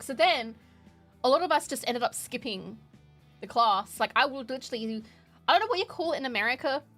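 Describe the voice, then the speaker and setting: A young Australian woman streamer chatting casually, animated and emotional, laughing often. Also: high-pitched, fast talker, soft background music. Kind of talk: casual chat.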